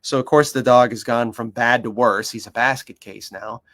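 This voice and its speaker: A man with a mid-range voice tells stories in a loose, conversational way. He is animated and emphatic. His pitch leaps whenever he acts out what someone else said. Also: normal speed. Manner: emphatic and passionate. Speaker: dog behaviour consultant. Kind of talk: casual conversational storytelling.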